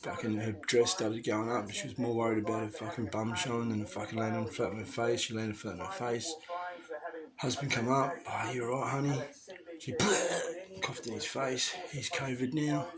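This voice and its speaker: A man's voice: mid-range voice, fairly even intonation, normal speed, a loud crowd. An Australian man giving a rambling, profane rant to his viewers, full of swearing and conspiratorial asides. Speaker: vlogger addressing preppers.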